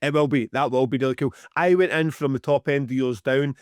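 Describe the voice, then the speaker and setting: A man's voice: mid-range voice, fairly even intonation, fairly quick, dry recording, clean studio sound. A Scottish man co-hosting a podcast in casual, sweary, teasing chat. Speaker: podcast co-host.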